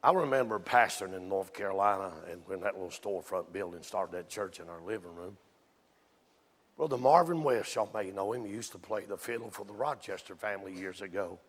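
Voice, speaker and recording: A man preaching a sermon in a church, telling folksy stories that rise into excited shouts. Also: low voice, fairly quick, slightly rough. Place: church sanctuary. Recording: long reverb from a church hall.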